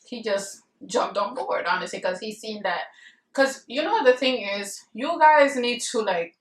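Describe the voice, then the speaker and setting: A woman's voice: fairly high pitch, expressive, unhurried. Young woman, vlogger, blunt, rambling with fillers, roomy echo, mic a bit distant. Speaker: vlogger giving marriage advice. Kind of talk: casual advice chat to camera. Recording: echoey room, voice a bit far from the mic.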